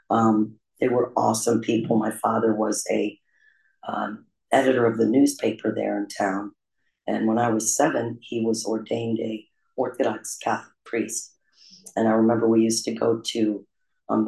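A man candidly telling his own recovery story in a confessional, self-deprecating way, with frequent pauses and "um" fillers. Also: on the low side, flat delivery, gravelly, darkish tone. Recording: roomy echo.

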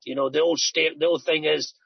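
A man's voice: a little high, steady tone, a little fast, vocal fry, slightly rough, no room sound, dull audio. A middle-aged man giving an earnest personal recovery testimony, telling stories and often repeating himself. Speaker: recovery speaker.

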